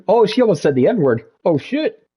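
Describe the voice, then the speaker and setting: A woman's voice: mid-range voice, big pitch swings, moderate pace, dark tone, a little hiss or hum. A woman streaming a game from home, making joking, irreverent asides with giggly commentary. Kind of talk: casual let's-play commentary. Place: home room with roommates nearby.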